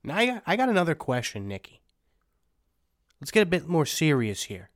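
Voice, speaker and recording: A man's voice: a little high, huge pitch swings, moderate pace, no echo, studio quality. A man hosting a casual chat, asking needling, mock-serious questions. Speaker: host.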